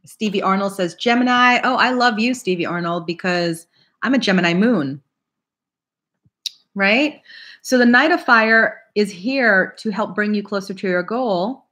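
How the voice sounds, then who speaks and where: A woman's voice: medium pitch, measured pace, a bit bright. A woman hosting a live tarot reading, chatting casually and laughing often while she greets viewers by name.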